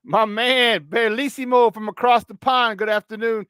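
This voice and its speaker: High-voiced animated sports talk host. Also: male voice, normal speed, clear, resonant tone, no room sound, studio quality. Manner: animated, swings loud and soft, laughs often. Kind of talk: casual sports talk, reading live chat.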